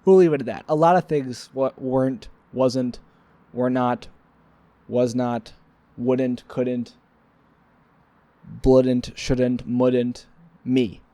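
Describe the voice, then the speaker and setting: A drowsy man talks to his camera in a loose, meandering vlog, cracking himself up with nonsense word chains. His voice sits in an ordinary middle pitch and sounds close and dry, with no room around it. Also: fairly even intonation, takes it slowly, long pauses, warm tone, no room sound. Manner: rambling, goofy, self-mocking, wordplay. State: sleepy, yawning. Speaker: vlogger. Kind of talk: rambling solo vlog to camera.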